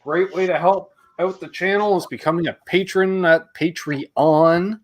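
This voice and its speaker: A man's voice: high-pitched, fairly even intonation, moderate pace. A middle-aged Canadian man co-hosting a live guitar stream, chatting casually and reading out viewer names.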